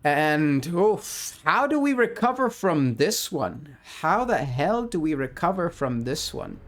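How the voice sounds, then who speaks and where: A man narrating his solo tabletop role-playing game and reading out rules, who gets excited by dice rolls. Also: on the high side, slow. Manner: excitable, laughs at dice results.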